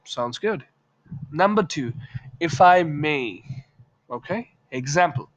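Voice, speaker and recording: A man's voice: a little high, animated, slow pace, pauses often, no room sound, highs cut off. A man teaching English in a casual video lesson, chatting through examples and acting out short lines.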